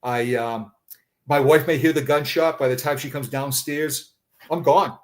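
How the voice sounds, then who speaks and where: A middle-aged man, a retired police officer, telling a personal story in conversation, halting and often repeating words. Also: mid-range voice, fairly even intonation.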